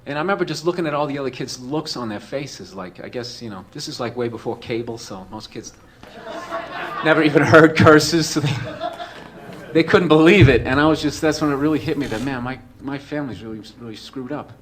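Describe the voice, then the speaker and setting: A man's voice: medium pitch, fairly quick, slight background noise. A man telling a comedic personal story in a rambling, profane way, full of "like" and "you know".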